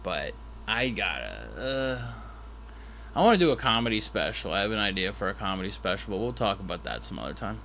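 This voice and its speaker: A man's voice: lowish voice, sing-song, brisk, vocal fry, a bit bright, slight background noise. A man who is a stand-up comedian, telling a rambling, self-deprecating story with restarts and asides. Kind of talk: storytelling monologue.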